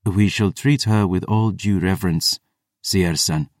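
A man voicing a stern masked priestess in an audiobook, with a deep, musical voice and archaic, formal speech. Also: measured pace, darkish tone, dry recording, studio quality. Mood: reverent. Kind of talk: audiobook character voice.

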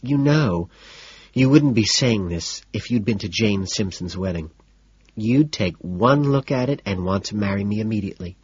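A man's voice: lowish voice, animated, normal speed, a little mellow, breathy edge, no echo, dull audio. A man putting on a gushing, petulant society woman. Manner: breathless, gushing, whiny.

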